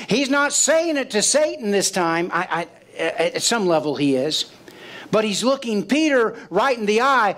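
A man's voice: high voice, a bit bright. A man preaching a sermon as pastor, asking the congregation questions and acting out quoted voices. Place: church sanctuary.

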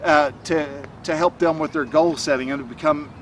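This self-help coach speaks casually to the camera, his motivational talk full of fillers, rambling and frequent restarts. He's on the high side, with a steady tone at normal speed. He sounds far from the mic, with slight background noise.

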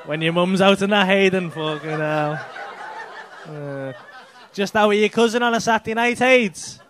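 Cheeky swearing stand-up comedian. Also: male voice, high-pitched, normal speed, a bit bright, a little hiss or hum. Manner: cheeky, teasing, swears a lot. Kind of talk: crowd work banter. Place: comedy club stage with live audience. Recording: live club audience.

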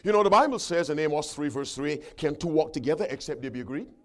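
A man preaching a sermon, reading scripture aloud with his congregation and calling for responses, loud and emphatic on the verses and quieter between them. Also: fairly high pitch, lively intonation, fast talker.

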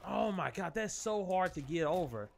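A man's voice: sits high, moderate pace, creaky. A young man commentating his own fighting-game match, swearing a lot and talking to his opponent and viewers, easily worked up. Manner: profane, excitable, talks to his opponent and viewers. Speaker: gaming channel host. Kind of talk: live gameplay commentary.

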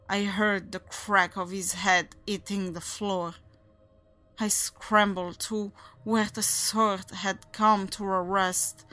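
A woman narrating a first-person horror story in a measured, unhurried way. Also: medium pitch, sharp tone.

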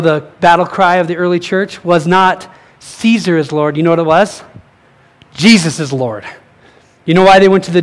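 A male pastor giving a sermon, reading quotes aloud and asking his congregation questions, correcting himself as he goes. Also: sits high. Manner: animated preaching, reads quotes aloud, corrects slips, asks the crowd questions.

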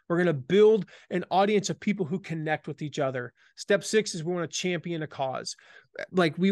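A man's voice: sits high, dry recording. A man, a guest author in a conversational interview, explaining his steps with energy and repeating his key points, with a faint Southern American accent worn down by years in the Midwest. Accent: slight Southern American, faded by Midwest years.

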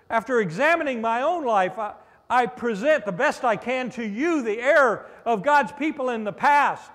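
A man's voice: extremely high pitch, fairly bright tone. A man preaching a sermon as pastor, calling out for amens and mixing in playful asides. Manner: preacherly, with call-and-response "amen?" and playful asides. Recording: long reverb of a large hall.

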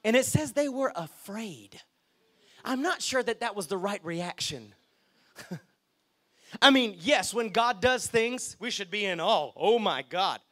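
A man preaching a lively sermon as pastor, often checking in with the congregation. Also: sits high, slow. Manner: lively, chatty, asks the crowd okay and right.

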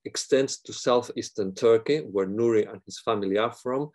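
A middle-aged man delivering an academic plenary lecture, reading a prepared text in a measured way with occasional fillers and restarts. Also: lowish voice, darkish tone.

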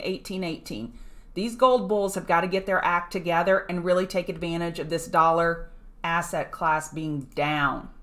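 A woman at a middle pitch walks through price levels and chart setups as the host of a trading show. She talks casually, tossing in jokey, self-deprecating asides between numbers. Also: fairly bright tone. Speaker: market analyst host. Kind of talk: casual market commentary.

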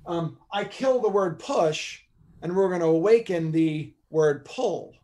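Man, slightly high voice, animated, joking coach, podcast guest. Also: a little slow. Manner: animated, joking, teaches by demonstration. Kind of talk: energetic coaching talk.

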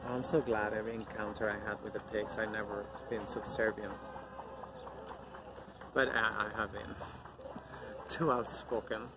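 Blunt middle-aged man over loud traffic. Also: fairly low pitch, flat delivery, normal speed, pauses often. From Mexico. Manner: blunt, outspoken, rambling with many fillers. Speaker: vlogger. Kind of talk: casual outdoor vlog rant. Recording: loud outdoor traffic noise.

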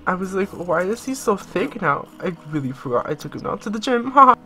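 A woman's voice: mid-range voice, big pitch swings, brisk, bright, forceful tone, soft background music. A woman in her late teens giving casual, chatty let's-play commentary, bossing her game characters around and laughing often. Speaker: gaming YouTuber.

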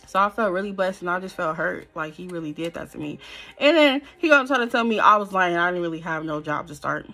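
Young woman spilling a storytime, bright voice, slangy and animated. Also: lowish voice, fast, faint music behind. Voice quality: animated, slangy and conversational, with many fillers. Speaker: storytime vlogger. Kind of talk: casual storytelling to camera.

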